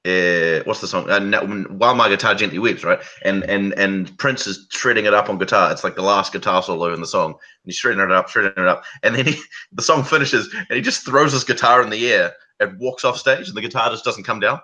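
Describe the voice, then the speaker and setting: A man's voice: lowish voice, a little fast, pushed and bright. A man with a New Zealand accent, a guest on an online chat show, telling rambling stories with chuckles. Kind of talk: casual chat.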